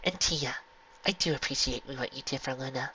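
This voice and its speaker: Queen mother pony, caring but firm; a man puts her on, raised bright voice, dull audio. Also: very animated, moderate pace, exaggerated voice. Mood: tender. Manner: gentle scolding, raised pitch. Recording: lo-fi home recording.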